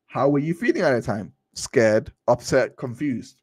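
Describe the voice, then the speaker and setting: Male host, mid-pitched, unrehearsed cold read of transcripts with commentary. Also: animated, moderate pace, few pauses, a little mellow, husky. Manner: reads all parts aloud, stumbling and restarting, with asides. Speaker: commentator reading court transcripts.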